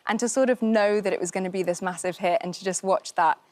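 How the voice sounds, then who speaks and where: A woman guest in a relaxed TV chat, talking about her work. She laughs easily and jokes at her own expense. Her voice sits in an ordinary middle range. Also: medium pitch, quick pace, no room sound. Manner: laughs often, self-deprecating. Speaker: actress guest. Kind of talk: casual chat interview.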